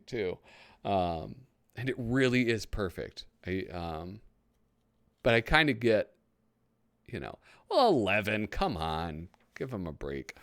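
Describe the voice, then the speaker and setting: A man in his thirties hosts a casual commentary while flipping through a magazine, chatty and rambling and easily excited. His voice is on the low side, and the recording is dry.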